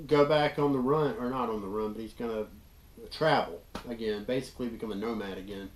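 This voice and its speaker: A man's voice: mid-range voice, a little fast. A man co-hosting a casual movie review chat, emphatic and profane in his opinions. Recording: roomy echo.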